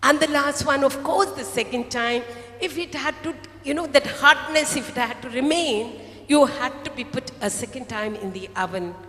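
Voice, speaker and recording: A woman preaching a sermon to a congregation, telling a story slowly and acting out the voices of a potter and a clay cup. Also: sits high, a bit bright. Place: large hall. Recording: echoey hall, voice from off-mic.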